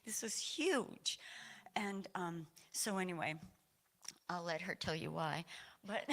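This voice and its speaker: Woman from Maine, mid-pitched, giving an informal church testimony; rambling, lots of fillers, moved. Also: animated, takes it slowly, long pauses, fairly bright tone. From Maine, USA. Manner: rambling, many fillers and restarts, laughs often. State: emotional, a little teary. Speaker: congregant sharing a personal story. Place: church sanctuary.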